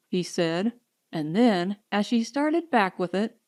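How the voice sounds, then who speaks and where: A woman narrating a novel as an audiobook in a measured, expressive way. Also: mid-range voice.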